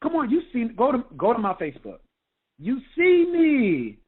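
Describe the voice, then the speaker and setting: A man impersonating his excited male sponsor, loud and slow on a phone line. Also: very high-pitched, husky, voice pushed up, full character voice. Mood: hyped.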